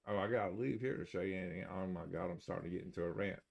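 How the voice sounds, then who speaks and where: Older male streamer, low gravelly voice, easygoing rambling chat with chuckles. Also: rapid-fire, darkish tone. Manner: rambling, folksy, chuckling to himself; talks of having an accent. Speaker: game streamer. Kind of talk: casual live-stream chat.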